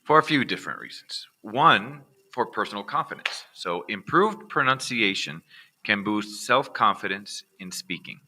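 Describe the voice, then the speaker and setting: An American man teaching accent reduction in a relaxed, conversational way, often checking in with "all right". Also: lowish voice, normal speed, a little hiss or hum. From United States. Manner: casual, repeats "all right" as a check-in with viewers. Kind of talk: recorded online lesson.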